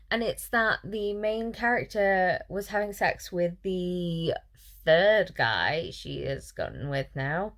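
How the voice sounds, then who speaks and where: Tired young woman, book vlogger, lowish voice, dry sarcastic rants. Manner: exasperated, sarcastic commentary with mocking quoted voices. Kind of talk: casual vlog book review.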